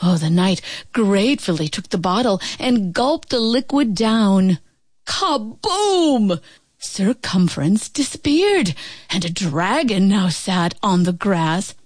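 A woman reading a children's picture book aloud in a slow, expressive, sing-song way. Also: medium pitch, no echo. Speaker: narrator. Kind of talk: children's storybook read-aloud.

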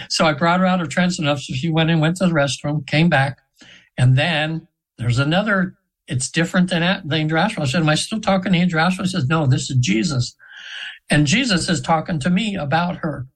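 Earnest older man, slightly high voice. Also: a little fast, poor audio. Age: 70s. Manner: rambling, earnest, with frequent restarts and throat clearing. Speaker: radio show guest, trance session practitioner. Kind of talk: casual storytelling in a radio interview.

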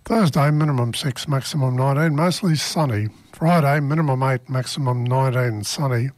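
A man's voice: mid-range voice, moderate pace, a little mellow, no room sound. An Australian man presenting on community radio, chatty and casual as he reads the weather and tells jokes.

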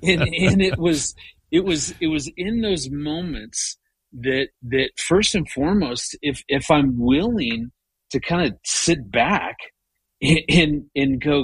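A middle-aged man telling a story in a casual conversation, animated and full of restarts. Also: fairly high pitch, slow pace, husky, dry recording. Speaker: guest.

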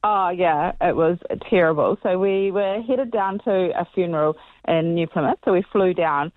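A woman's voice: lowish voice, normal speed, no room sound. Woman caller on a phone line. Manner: breathless, dramatic, acts out the voices in her story. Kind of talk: animated phone-in storytelling. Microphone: phone call.

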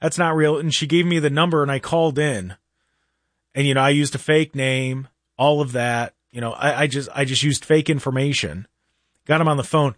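A middle-aged man hosting a radio talk show, telling stories in a lively casual way and acting out what people said. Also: mid-range voice, normal speed, no room sound, clean studio sound. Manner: animated storyteller, acts out quotes.

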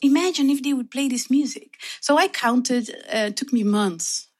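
A woman's voice: sits high, moderate pace. A woman from Brazil, an opera singer, telling her story in an interview and acting out the dialogue in different voices. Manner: lively, acts out dialogue in voices.

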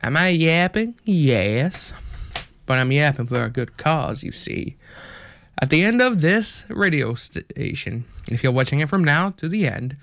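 A man's voice: a little high, animated, measured pace, a bit bright, no room sound. A young man hosting an online radio show in a put-on American country accent. He rambles casually and pokes fun at himself, with lots of fillers. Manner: rambling, self-deprecating, chatty with many fillers.

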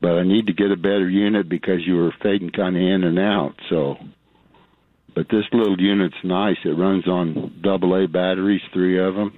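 A man's voice: sits low, steady tone, moderate pace, dry recording. An older retired man calling a radio show, tired and terse, speaking plainly. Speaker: caller. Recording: tinny phone line.

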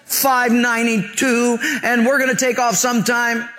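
A man's voice: very high-pitched, little pitch movement, normal speed, pitched above the performer's own voice. A man playing a bumbling, confused airline captain who rambles over the intercom. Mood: clueless. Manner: rambling, clueless, shouting.

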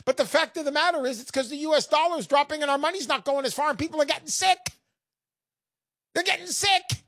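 Older guy on talk radio, brash salesy pitch, dry close sound, mid voice. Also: fairly quick, fairly bright tone, no room sound. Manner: brash, salesman-like, rhyming quips. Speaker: radio show host. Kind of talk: gold investment talk radio.

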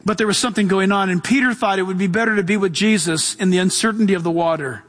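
A male pastor delivers a sermon in an animated preaching style. His voice sits high for a man, and he slips into acted-out voices to tell the story. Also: fast, few pauses, in a large hall.

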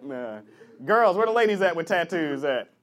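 A man's voice: high voice, sing-song, moderate pace, a bit bright. A man doing crowd work at a comedy club, teasing audience members with playful mock voices. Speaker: stand-up comedian. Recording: live club recording with audience noise.

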